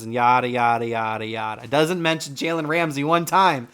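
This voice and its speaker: A man's voice: medium pitch, level tone, brisk, few pauses, fairly bright tone, clean tone. A man hosting a casual sports chat over a call, loose and joking, laughing often and swearing casually. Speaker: podcast host.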